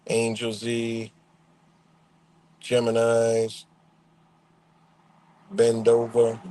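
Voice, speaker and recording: A man's voice: medium pitch, completely flat delivery, extremely slow, dark tone. A man hosting a live stream, ranting bluntly in profane street talk and greeting viewers in the chat. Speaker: livestream host. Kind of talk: casual live-stream rant.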